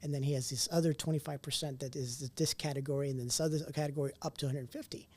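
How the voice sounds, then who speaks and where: A man telling stories in an interview, casual and animated, acting out what others said to him. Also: mid-range voice, rapid-fire. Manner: animated storyteller who acts out quoted dialogue; casual, occasional mild swearing. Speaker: entrepreneur guest. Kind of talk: conversational storytelling interview.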